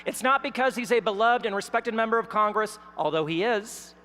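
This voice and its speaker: A woman from Texas, giving a rousing political speech at a convention, building up to shouts. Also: a little high, brisk, big-room sound. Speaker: convention speaker. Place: large convention hall.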